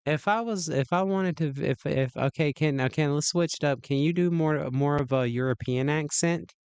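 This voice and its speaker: A man's voice: a little high, moderate pace, darkish tone, clean tone, no room sound. A man hosting a livestream, chatting playfully and rambling with many restarts. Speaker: livestream host. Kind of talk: casual stream chat.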